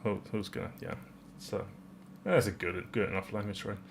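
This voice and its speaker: A man's voice: on the low side, moderate pace, noisy background. A man from Finland with a Finnish accent, co-hosting a casual podcast chat, hesitant and laughing often. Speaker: co-host.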